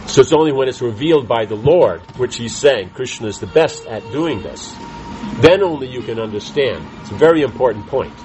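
Halting male scripture class teacher. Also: mid-range voice, lively intonation, darkish tone, faint music behind, low-quality recording. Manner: halting restarts, keeps asking "right?".

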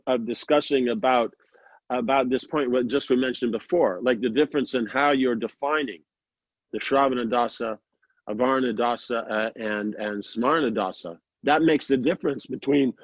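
A man's voice: mid-range voice, no echo. Man, spiritual teacher, loose talk full of fillers, muffled close sound. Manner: rambling, many fillers and restarts, quotes others in mock voices. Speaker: sannyasi teacher. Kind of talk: informal spiritual discourse.

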